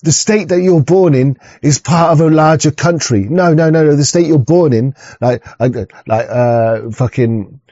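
A man's voice: fairly high pitch, a little slow, few pauses, warm tone, no room sound. A man ranting in profane, rambling commentary, with many restarts and mocking voices. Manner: rambling, swearing, frequent restarts, mock voices. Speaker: streamer reacting to a video. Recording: dull lo-fi sound.

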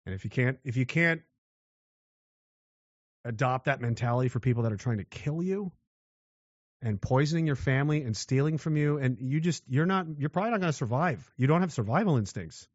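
A man's voice: mid-range voice, lively intonation, a little fast, no echo, muffled recording. A man delivering a blunt, aggressive monologue rant, mocking those who show mercy.

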